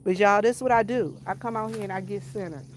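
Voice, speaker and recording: This is a woman, rambling cheerfully to her online viewers as she walks around outdoors with her phone. She talks in a middle-pitched voice, repeating phrases and calling out to the audience as y'all. Soft birdsong and open-air sound hang faintly behind her. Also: fast, slight background noise. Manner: chatty, repetitive, keeps addressing viewers as y'all. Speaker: vlogger. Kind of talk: casual live-stream chat to viewers. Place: outdoors in the countryside near horses.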